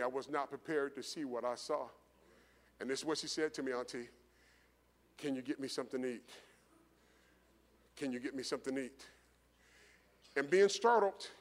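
A middle-aged pastor with a fairly high pitch preaches in a relaxed, conversational storytelling style, repeating phrases as his intensity rises. A long hall reverb surrounds his voice.

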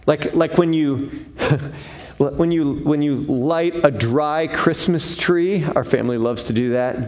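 A man preaching a sermon, defining terms one by one with deliberate, emphatic pauses. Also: a little high. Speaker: pastor.

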